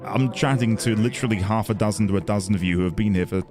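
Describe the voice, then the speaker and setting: A man's voice: on the low side, fast, music in the background. A man streaming a video game, chatting with his viewers in a casual, reflective way and thanking them as he plays. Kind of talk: casual gameplay commentary.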